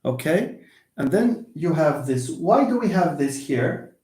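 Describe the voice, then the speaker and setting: A man giving a live online English lesson, hesitant with many fillers and restarts, lively when stressing examples. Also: fairly high pitch, a little slow. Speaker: English lecturer. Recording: echoey room.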